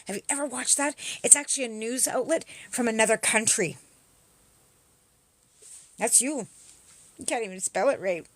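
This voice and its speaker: A woman's voice: on the high side, moderate pace, pauses often, no echo. A woman hosting a livestream, arguing with commenters in a combative, profane, mocking manner. She is from Canada. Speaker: livestream host. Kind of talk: livestream chat replying to comments.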